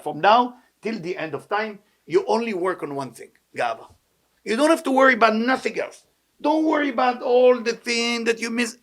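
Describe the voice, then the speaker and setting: A man teaching a Torah class, asking rhetorical questions and switching between English and quick Hebrew readings. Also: sits high, fairly bright tone. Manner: rhetorical questions, self-mocking asides. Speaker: Kabbalah teacher.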